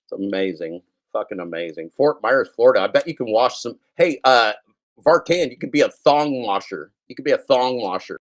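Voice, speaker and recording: A man's voice: medium pitch, expressive, normal speed. A middle-aged man hosting a podcast, riffing crudely and mockingly on the news, his throat scratchy and his voice worn out from daily shows. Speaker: podcast host. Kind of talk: profane comedic news riff.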